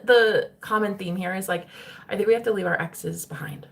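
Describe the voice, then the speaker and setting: A woman's voice: medium pitch, slow, gravelly, a bit bright. A young adult woman talking casually to her stream viewers, chatty and swearing freely. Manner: chatty, swearing, laughing often. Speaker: spiritual streamer.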